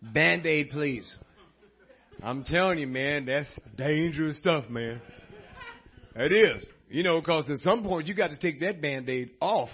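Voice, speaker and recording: A man preaching a sermon, telling stories in an animated way and laughing often. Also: fairly high pitch, unhurried. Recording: dull lo-fi recording.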